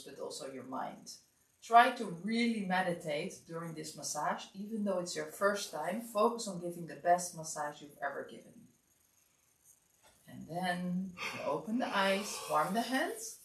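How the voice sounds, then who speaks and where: A woman teaching a massage class, giving calm step-by-step instructions in a relaxed, drowsy way. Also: lowish voice. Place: warm room. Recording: echoey room, distant mic.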